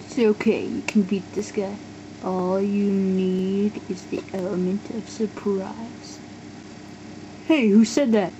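A woman's voice: medium pitch, dark tone, highs cut off, a little hiss or hum. A woman voicing all the figures of a homemade toy war story, switching playfully between characters. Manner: playful, voices many toy figures in turn. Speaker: amateur stop-motion voice performer. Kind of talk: kid-style toy play acting.

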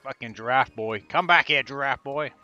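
A man giving excitable, foul-mouthed gameplay commentary as host of a gaming video. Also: mid-range voice, moderate pace, muffled recording, faint music behind. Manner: excitable, swears constantly, laughs often.

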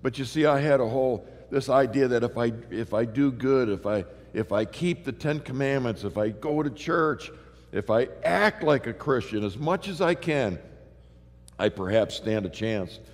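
A man's voice: mid-range voice, animated, moderate pace. A middle-aged man preaching a sermon, telling stories animatedly with many fillers and restarts. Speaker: pastor. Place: large church hall. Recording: long reverb of a church hall.

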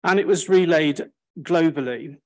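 A man's voice: on the high side, a little slow, a little mellow. An older man speaking on a panel, recounting history in a wry, self-deprecating and emphatic way. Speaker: panel speaker, Sphere's first chair.

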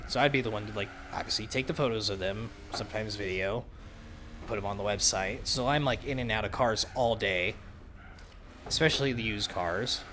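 A man's voice: on the low side, moderate pace, bright, forceful tone, slight background noise. A young man from the Southern US, with no Southern accent, hosting a casual let's-play, ranting and swearing freely and poking fun at himself. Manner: profane, ranting, self-mocking. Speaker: gaming channel host.

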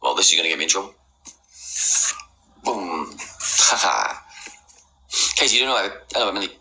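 A man's voice: low-pitched, very animated, moderate pace, bright, forceful tone, slight background noise, rough recording. A man livestreaming in casual chat, greeting viewers by name, teasing and repeating a catchphrase. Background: music playing.

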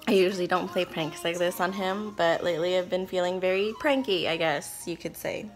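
A woman's voice: fairly low pitch, soft background music. A woman chatting to camera in a casual vlog, nervous and giggly as she lays out a prank, at times dropping to a whisper. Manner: nervous, giggly, talking fast about a plan; whispering quietly. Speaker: vlogger.

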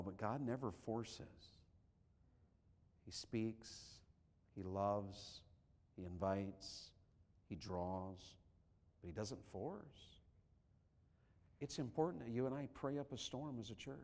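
A man preaching a revival sermon as an evangelist, swinging from shouts to hushed tones. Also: lowish voice. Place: large church sanctuary. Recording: long hall reverb in a church.

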